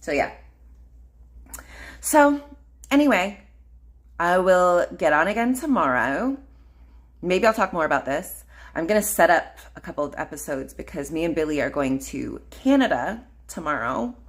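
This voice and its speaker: Hosting a laid-back solo livestream, this woman podcaster talks in a lowish, very animated voice at a moderate pace, pausing often. She rambles, leaning heavily on fillers, laughing a lot and saying "like" constantly.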